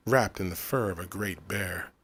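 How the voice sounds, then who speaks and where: A low-voiced man narrating a novel in a measured, even storytelling way. The recording is dry and close, with no room sound around him. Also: breathy edge, no room sound. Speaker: audiobook narrator.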